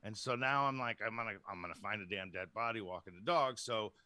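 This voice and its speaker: A man's voice: fairly low pitch, quick pace, bright, forceful tone, no room sound. A man co-hosting a casual podcast chat, telling a long rambling story and laughing often. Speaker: podcast co-host.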